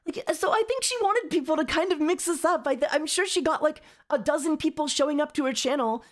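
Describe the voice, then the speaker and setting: A woman's voice: high voice, brisk. A woman streamer reacting on a live stream, rambling and exasperated, repeating herself as she talks. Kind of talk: casual livestream commentary.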